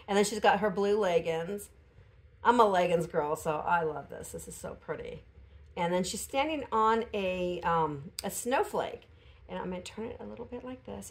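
A woman vlogger chatting casually at home while unboxing a gift, pausing and laughing softly, still recovering from an illness. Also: lowish voice. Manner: chatty, hesitant, frequent small laughs. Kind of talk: casual chat.

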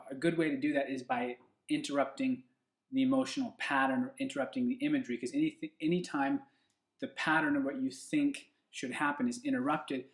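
A man's voice: mid-range voice, reverberant. A man hosting his own video, explaining in an earnest, step-by-step way how a poem is built. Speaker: poet and video host. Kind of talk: casual explanatory monologue.

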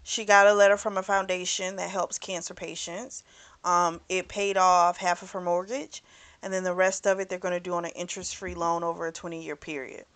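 A woman's voice: lowish voice, flat delivery, brisk, fairly bright tone. A woman hosting a book club channel, chatting through a novel's plot casually and acting out the characters' lines as she goes. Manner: swears freely.

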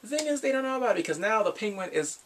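A man's voice: sits high, very animated, racing, recorded from a distance, noisy background. A man casually recapping and reviewing a TV episode, laughing often and acting out characters' lines.

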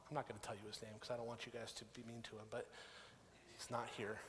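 A man in his thirties preaching a sermon, telling a personal story in a conversational, animated way. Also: medium pitch, quick pace. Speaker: pastor. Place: church sanctuary. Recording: long church hall reverb.

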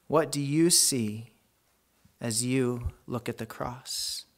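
Man, pastor, sermon, dramatic scripture reading, middle-pitched voice, slows for emphasis, drops to hushed tones.

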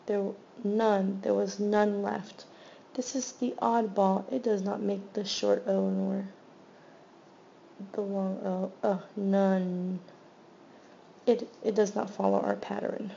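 A woman teacher slowly sounding out words one by one in a phonics lesson. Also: medium pitch, fairly even intonation, gravelly, dark tone. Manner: slow, deliberate sounding-out of each word. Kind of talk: phonics word sort lesson. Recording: slightly muffled with faint background hiss.

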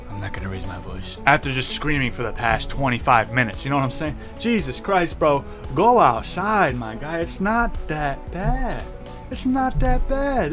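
A man hosting a reaction commentary, talking casually with mocking jokes, slang and swearing. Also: fairly high pitch. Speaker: commentary host. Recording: background music under the voice.

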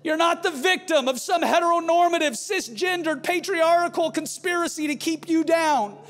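A male pastor delivering a fiery sermon with forceful, shouted refrains. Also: extremely high pitch, moderate pace.

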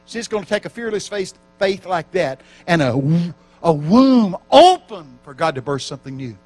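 A man's voice: a little high, a little slow, poor audio. A man preaching a sermon at a church camp meeting, telling stories with acted-out quotes. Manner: animated storytelling with acted quotes.

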